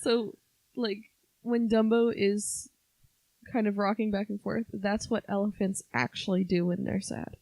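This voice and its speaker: A woman's voice: medium pitch, little pitch movement, creaky, warm tone, no echo. This is a young woman in casual podcast chat with a mid-range voice. She talks in a chatty, sympathetic way and chimes in easily. Her voice sounds close and dry. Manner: chatty, sympathetic, quick to laugh along. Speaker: podcast co-host.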